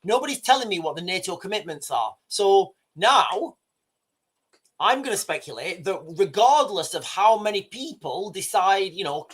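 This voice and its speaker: Man, livestream host, fairly high voice, rambling commentary, talks to viewers directly. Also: very animated, normal speed, fairly bright tone, husky. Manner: rambling, restarts often, addresses viewers as guys.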